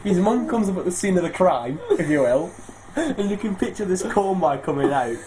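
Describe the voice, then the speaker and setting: A man's voice: sits high, lively intonation, normal speed, darkish tone. Young guy rambling thru a funny story, keeps cracking up, noisy hiss behind him. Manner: rambling, laughs through his own anecdote, swears freely. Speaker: podcast co-host. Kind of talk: casual chat, storytelling. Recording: noisy home recording.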